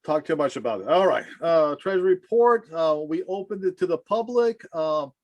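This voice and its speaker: A man chairing a commission meeting on a video call, informal and halting with many fillers. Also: on the high side, lively intonation, no room sound.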